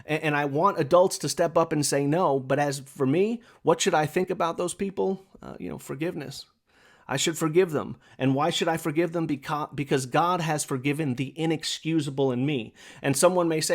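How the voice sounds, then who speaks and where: This podcast host's monologue is opinionated, preachy and impassioned, full of repetition, and he smokes a pipe throughout. He speaks at a moderate pace in a voice on the high side.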